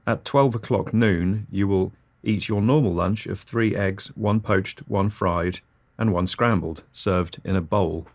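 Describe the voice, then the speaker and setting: A man's voice: low voice, measured pace. A man hosting an absurdist comedy podcast, reading scripted nonsense in a dry, matter-of-fact way. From Britain.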